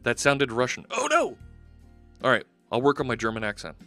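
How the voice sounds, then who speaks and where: A man's voice: medium pitch, huge pitch swings, brisk, pushed and bright, soft background music. A man hosting a live coding stream, chatting casually and upbeat, rambling and restarting his sentences. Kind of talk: casual livestream chat while coding.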